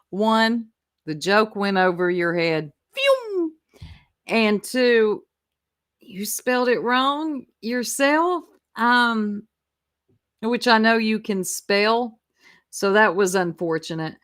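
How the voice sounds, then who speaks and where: A woman's voice: mid-range voice, a bit bright, clear, resonant tone. A woman, chatting casually with viewers and laughing as she reacts to clips. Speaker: commentary streamer.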